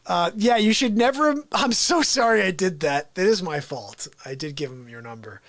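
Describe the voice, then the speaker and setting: A man's voice: lively intonation, moderate pace, hardly any pauses, fairly bright tone. A man hosting a live show, telling an improvised comic story in a rambling, playful way. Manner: rambling, playful, with sudden jumps in pitch. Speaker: host.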